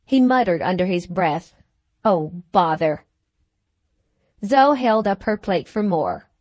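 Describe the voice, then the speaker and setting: A woman's voice: medium pitch, no echo. Woman narrating, dry and close. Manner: measured, expressive reading. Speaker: audiobook narrator. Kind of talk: scripted narration.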